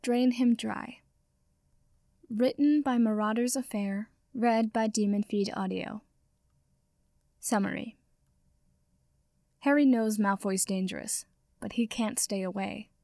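Female fan fiction reader, steady narration, fairly high voice. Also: slow pace, long pauses, no room sound, studio quality. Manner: casual intro, then steady narration. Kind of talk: reading fan fiction aloud.

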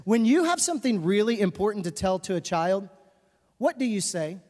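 A woman's voice: mid-range voice, big pitch swings, moderate pace, dark tone. A woman pastor preaching a sermon in a large church hall, earnest and emphatic, repeating her key phrases. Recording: reverberant hall.

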